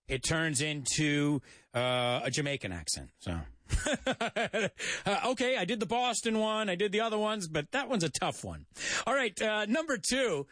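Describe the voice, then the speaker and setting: Lively American man hosting a language show. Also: on the high side, no room sound, studio quality. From United States. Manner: playful, jokey, mixes Spanish explanations into English. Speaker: radio show host teaching English. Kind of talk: bilingual English lesson on a radio show.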